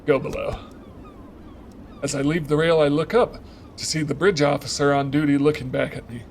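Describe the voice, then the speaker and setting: A man's voice: a little high, flat delivery, normal speed, a little hiss or hum. A man narrating his moves in a story game, thinking aloud and reading out choices. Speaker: let's play streamer.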